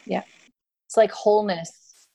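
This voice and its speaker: Gravelly-voiced woman podcast host. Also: mid-range voice, fairly even intonation, unhurried. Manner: soft, agreeable, follows along. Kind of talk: casual conversation and call-and-response mantra.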